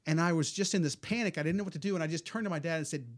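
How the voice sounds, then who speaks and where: A man's voice: on the high side, rapid-fire. Man leading a church roundtable. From Southwest Missouri. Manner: calm storytelling, then fervent prayer. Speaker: pastor. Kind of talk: church roundtable talk and prayer.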